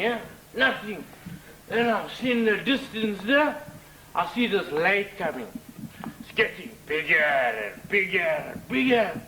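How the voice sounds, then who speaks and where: A man's voice: high voice, bright, forceful tone, slight background noise, full character voice. An actor playing a boastful, tipsy man who teases and laughs as he tells a story on a theatre stage. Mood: storytelling. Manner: slow, teasing, laughing while he boasts. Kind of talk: stage play performance. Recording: echoey hall, distant mic.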